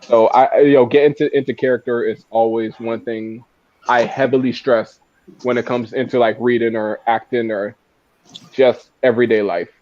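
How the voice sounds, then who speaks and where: A man's voice: mid-range voice, fairly even intonation, moderate pace, a little mellow, muffled recording. A man on a comedy panel, chatting casually and jokingly, often stammering and restarting. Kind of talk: casual chat. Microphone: video call.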